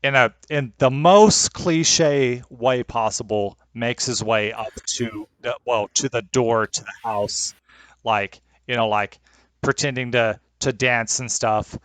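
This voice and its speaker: A man's voice: mid-range voice, fairly even intonation, slow, fairly bright tone. A young man narrating as game master over a video call, rambling and hesitant with many fillers.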